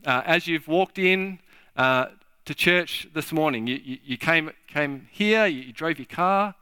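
Bright, crisp-voiced male preacher. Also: a little high, dry recording. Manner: halting, repeats words, acts out little scenes. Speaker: pastor. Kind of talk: sermon. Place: church.

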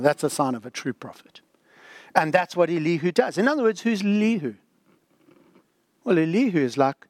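A man preaching a sermon with emphatic repetition, swinging between loud peaks and hushed asides. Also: fairly high pitch, dry recording, clean studio sound.

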